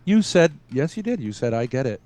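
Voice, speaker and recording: A man on a stream panel, making halting, provocative points with many restarts. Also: mid-range voice, big pitch swings, warm tone. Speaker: panel guest. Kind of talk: live debate on a stream.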